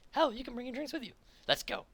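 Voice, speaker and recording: A man voicing an excitable small male sidekick in a high, squeaky voice, talking fast and eagerly. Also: no room sound, exaggerated voice. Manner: rushed and eager.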